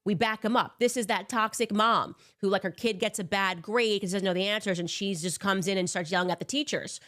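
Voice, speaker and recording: A woman delivering opinionated political commentary in a sarcastic, animated way. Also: medium pitch, a little fast. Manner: sarcastic, animated, mocks with put-on voices.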